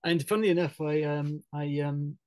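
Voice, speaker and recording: A man, a musician guest on a radio interview, talking casually in a halting way, full of fillers and restarts, with frequent laughs. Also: on the high side, steady tone, darkish tone, dry recording, low-quality recording. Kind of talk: casual radio interview over a video call.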